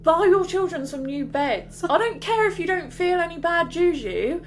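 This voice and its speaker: A woman co-hosting a podcast in casual chat, animated and giggly, wandering into tangents. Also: very high voice, moderate pace, soft background music. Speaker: podcast co-host.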